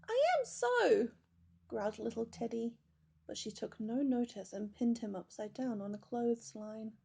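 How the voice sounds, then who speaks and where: Husky, dark-toned woman reading a storybook. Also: a little high, level tone. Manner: gentle, measured storytelling. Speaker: storybook reader. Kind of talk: reading a children's picture book aloud.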